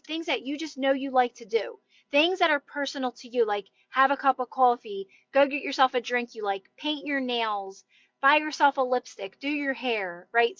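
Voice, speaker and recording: Woman in her thirties, Philly-area accent, chatty live host, higher voice, dull dry phone audio. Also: a bit bright, dry recording. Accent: Delaware County (Philadelphia area). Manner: chatty, rambling, laughs often, greets viewers. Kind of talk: casual live-stream chat.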